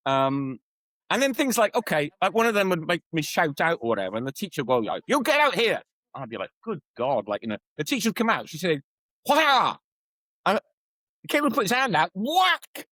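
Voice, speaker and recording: Animated storytelling man, lively pitch. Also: no room sound, low-quality recording. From Wales. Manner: animated storyteller, acts out quoted voices. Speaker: guest, educator and coach. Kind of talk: conversational podcast interview.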